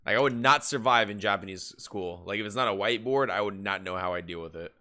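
A man hosting an anime reaction video, chatting loosely with a lot of slang and swearing, and jumping suddenly into excited outbursts. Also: on the low side, quick pace, hardly any pauses. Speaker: anime reaction channel host. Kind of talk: casual reaction commentary.

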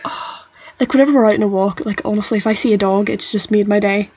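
A woman's voice: medium pitch, fairly even intonation, fast talker, darkish tone, husky, no room sound. A young woman co-hosting a podcast, chatty, playful and self-deprecating. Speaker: podcast co-host. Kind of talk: casual chat. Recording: dull lo-fi sound.

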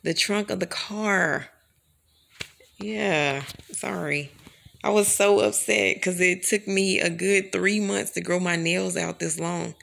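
A woman's voice: fairly low pitch, fairly even intonation, slow, creaky, a bit bright. A woman vlogger chatting casually to her camera, rambling and calling her viewers y'all.

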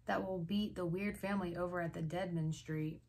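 A woman voicing a brash, bossy schoolboy in a storybook read-aloud, with loud, excited exclamations. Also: on the low side, a little fast. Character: brash, bossy schoolboy who loves monsters.

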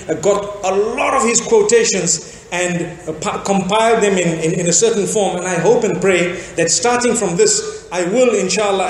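High-voiced preacher in an echoey hall. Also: male voice, a little hiss or hum. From Zimbabwe. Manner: storytelling with acted-out dialogue. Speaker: Islamic preacher. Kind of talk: sermon.

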